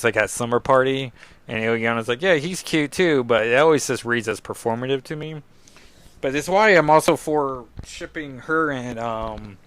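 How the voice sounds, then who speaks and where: A man's voice: medium pitch, fairly bright tone, clear, resonant tone, no room sound. A man hosting a podcast, recapping a comic book casually with lots of fillers. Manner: rambling, many fillers like 'like' and 'um'. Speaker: podcast host.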